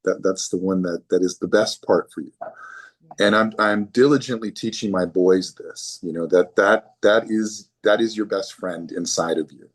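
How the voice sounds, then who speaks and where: A man with a low-pitched voice, speaking at normal speed, is a physician guest in a conversational interview. He comes across as earnest and often repeats words when beginning a thought.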